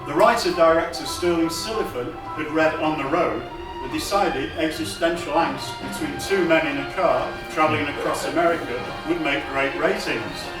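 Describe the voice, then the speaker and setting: A man giving a keynote lecture in a lively, playful way, sprinkling in hip slang. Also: a little high. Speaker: keynote speaker. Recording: distant voice in an echoey hall.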